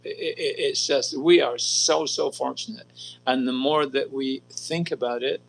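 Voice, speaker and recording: A man's voice: medium pitch, fairly even intonation, moderate pace, gravelly, slight background noise, poor audio. A man giving a devotional talk in a temple, telling an anecdote and repeating "he said" as he quotes people. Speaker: guest speaker. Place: temple hall.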